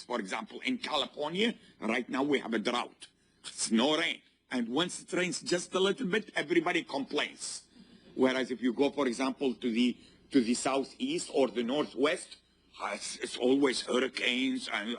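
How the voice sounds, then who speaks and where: A man's voice: mid-range voice, fairly bright tone, slightly rough. A male university professor giving a classroom lecture, constantly asking the students to fill in the answer and checking whether they follow. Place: lecture hall.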